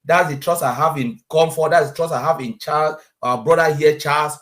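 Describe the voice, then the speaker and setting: A man's voice: fairly high pitch, fairly quick, a bit bright. A man speaking in a preachy way with rhetorical questions as a guest in an online panel discussion.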